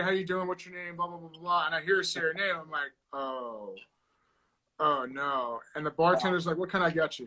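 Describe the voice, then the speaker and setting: A man co-hosting a casual chat show, telling a dating story with animated, acted-out quotes. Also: fairly high pitch, rough recording. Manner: animated, acts out quoted voices. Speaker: co-host.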